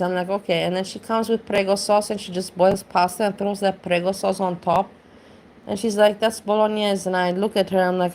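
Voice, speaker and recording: A woman's voice: mid-range voice, flat delivery, a little fast, darkish tone, slight background noise. A woman rants bluntly and casually, swearing freely and rambling as she goes. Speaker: commentary streamer. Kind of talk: casual rant.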